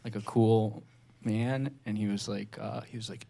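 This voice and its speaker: A man of thirty doing a stand-up set on a club stage, delivering deadpan lines and acting out dialogue, with laughter from the audience. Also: on the low side, unhurried, creaky. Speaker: stand-up comedian. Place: comedy club stage, Toronto. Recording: noisy live club recording.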